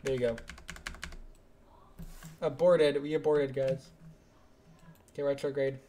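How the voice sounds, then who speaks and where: A young man streaming live gameplay and chatting with viewers, excitable and suddenly louder when something happens. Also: medium pitch, slow pace.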